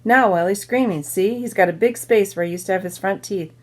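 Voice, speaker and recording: A woman's voice: mid-range voice, brisk, lightly acted. A woman voicing an eager young boy who points things out.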